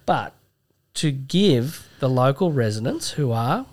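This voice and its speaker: A man's voice: mid-range voice, sing-song, slow, a little mellow. A young Australian man co-hosting a podcast, laid-back and swearing freely as he chats. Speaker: podcast co-host. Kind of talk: casual banter.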